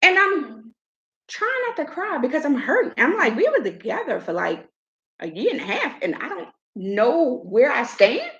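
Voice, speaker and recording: A middle-aged woman hosting a casual chat, telling a personal story in an animated way and acting out what others said. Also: high-pitched, unhurried, dull audio. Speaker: host.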